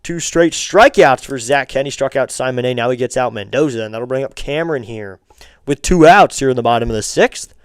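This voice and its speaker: Smooth-voiced man calling a baseball stream. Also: medium pitch, fairly quick, no echo, clean studio sound. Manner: casual, chatty, asking viewers for likes and subs. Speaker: streamer doing play-by-play. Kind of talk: live-stream baseball play-by-play commentary.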